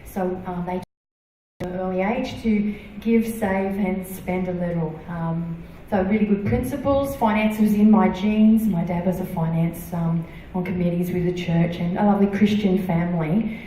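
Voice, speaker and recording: A woman's voice: lowish voice, warm tone, distant mic, slight background noise. Woman giving testimony in an echoey hall. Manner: halting, many fillers and restarts. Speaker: church member giving testimony. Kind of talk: personal testimony. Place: church hall.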